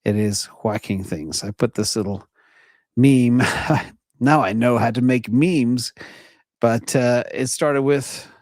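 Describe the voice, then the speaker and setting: A man's voice: mid-range voice, slow pace, no echo, studio quality. A man hosting a casual investing show, talking emphatically with a slightly strained voice he is losing. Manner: lively, emphatic, chuckles between points. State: losing his voice. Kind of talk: casual market commentary.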